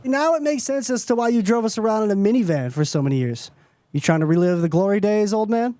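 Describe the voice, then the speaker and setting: A man's voice: high-pitched, animated, fast talker, heavy background noise. A young man giving teasing, wry commentary while reacting to a video. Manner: wry, teasing, dry remarks.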